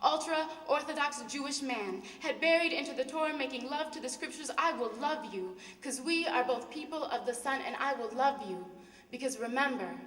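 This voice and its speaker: A young Palestinian woman performing a spoken word poem in an impassioned, rhythmic delivery that builds to shouts. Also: sits high, lively intonation, moderate pace. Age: young adult. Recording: echoey hall, mic far off.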